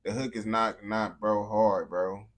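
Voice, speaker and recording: A man's voice: lowish voice, fairly even intonation, a little slow. A man giving casual, slangy reaction commentary, dropping "bro" and "gang" constantly and restarting his sentences. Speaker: reaction video host.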